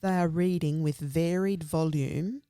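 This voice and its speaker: Slow, mellow-voiced woman explaining teaching. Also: sits low, fairly even intonation, clear, resonant tone, no echo. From Australia. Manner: earnest, emphatic, explains in lists. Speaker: literacy consultant, guest. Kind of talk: conversational explanation.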